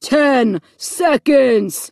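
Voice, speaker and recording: A woman putting on a booming loudspeaker emcee. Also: gravelly, no echo, clean studio sound, heavily acted. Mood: urgent announcing. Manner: loud, drawn-out announcing.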